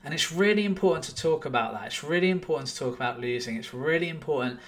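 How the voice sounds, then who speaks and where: A man's voice: fairly high pitch, fast talker, a bit bright. A man hosting a solo podcast, talking emphatically and conversationally, repeating points to stress them. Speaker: podcast host, trading software owner.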